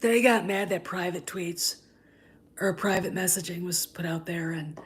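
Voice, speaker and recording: Scornful ranting woman, low-pitched. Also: moderate pace, slight background noise. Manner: heated and scornful, repeats "okay?", drops into breathy asides. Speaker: channel host. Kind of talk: ranting commentary vlog.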